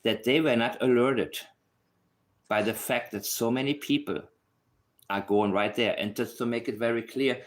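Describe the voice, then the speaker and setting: A man with a non-native accent picking apart a case in a casual talk to camera. He is sarcastic and emphatic, circling back to hammer the same points. His pitch sits in an ordinary middle range. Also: fairly even intonation, moderate pace. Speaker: true-crime commentator.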